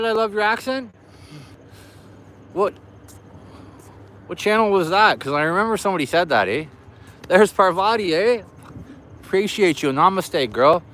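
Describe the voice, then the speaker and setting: A man's voice: a little high, sharp tone. A friendly, talkative middle-aged man, live-streaming from outdoors near an air base. He greets his viewers one by one in easy, loose chat, with faint traffic behind him. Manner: chatty, greeting viewers by name.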